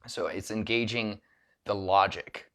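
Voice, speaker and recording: Male speaking coach, low-ish voice, loose rambling delivery with frequent restarts. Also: steady tone, measured pace, fairly bright tone. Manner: rambling, self-correcting, with many restarts and filler words. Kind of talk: solo talk to camera on empathy.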